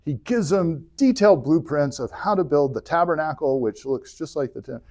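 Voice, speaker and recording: A man teaching an adult church class, retelling scripture in a casual, joking way with quick bursts of character voices. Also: fairly high pitch, animated, darkish tone. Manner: jokey retelling, voices biblical figures in bursts. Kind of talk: casual Bible history lecture.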